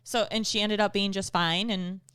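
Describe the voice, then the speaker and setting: A woman's voice: medium pitch, steady tone, moderate pace, fairly bright tone, smooth, no echo, clean studio sound. A woman in her thirties co-hosting a podcast, chatting and telling a personal story with many "like" fillers. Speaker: podcast co-host. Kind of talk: casual chat.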